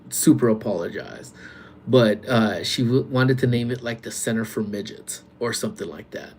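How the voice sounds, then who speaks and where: A man working security, chatting casually with viewers on a live stream from work, using relaxed slang and calling out loud greetings to people joining. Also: medium pitch, normal speed, a little hiss or hum. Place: workplace community center.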